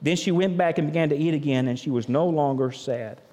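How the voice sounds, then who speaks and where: High-voiced preacher in a reverberant church. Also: male voice, brisk, warm tone. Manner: conversational preaching, thinking aloud with repeated words. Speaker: pastor. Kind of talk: sermon. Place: church sanctuary. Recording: long reverb of a large church.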